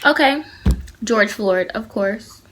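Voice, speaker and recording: A woman's voice: mid-range voice, expressive, slow, a bit bright, slight background noise. A teenage girl with a lilt, talking straight into her phone camera for a casual opinion vlog. Her delivery is earnest and heated, and it stays direct and personal as she addresses her viewers. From Atlanta, United States. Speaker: vlogger.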